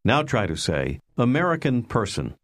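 A man narrating a language lesson in scripted instructional style, calmly prompting the listener to repeat. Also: mid-range voice, normal speed. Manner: calm, patient, prompting the listener.

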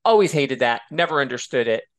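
An American man co-hosts a podcast, chatting casually and with plenty of animation while frequently wandering off on tangents. His voice is medium-pitched and brisk.

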